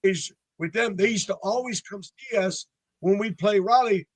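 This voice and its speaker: Older guy from north carolina, 60s, tells band stories and does little voices, pretty high voice. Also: moderate pace. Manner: animated storyteller who acts out voices. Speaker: band member guest. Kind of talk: casual interview chat.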